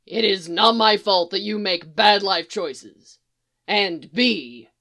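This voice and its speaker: A woman voicing a loud, scornful male firebird. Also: mid-range voice, takes it slowly. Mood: mocking. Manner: loud, sarcastic, swearing. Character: brash foul-mouthed male magical firebird, scornful.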